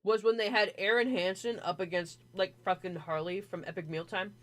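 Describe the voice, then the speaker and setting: A woman hosting a casual podcast chat, animated and swearing freely with lots of fillers. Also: medium pitch, normal speed. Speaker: podcast host.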